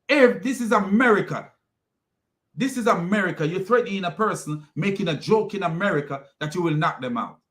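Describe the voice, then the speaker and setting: A man's voice: high voice, lively intonation, fairly quick, fairly bright tone. A man hosting a commentary video, ranting and mocking as he reacts to clips. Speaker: commentary host.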